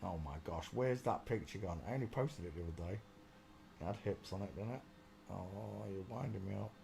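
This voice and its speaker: A man's voice: low-pitched, brisk, vocal fry, darkish tone, a little hiss or hum. A man hosting a casual live stream, chatty and exclaiming, muttering to himself as he searches.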